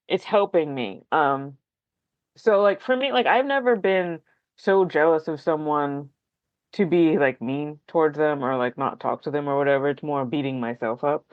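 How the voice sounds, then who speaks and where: A candid fellow writer appears as a podcast guest, rambling through a casual chat in a medium-pitched voice, filling every thought with "like" and "um" and gently putting themselves down. The audio is dull and lo-fi, recorded in a dry room with no echo.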